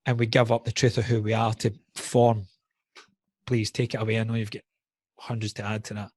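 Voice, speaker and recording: A man's voice: fairly low pitch, level tone, fairly quick, a little mellow, dry recording, clean studio sound. A man in a casual podcast conversation, blunt and candid, swearing freely while reflecting on personal wounds.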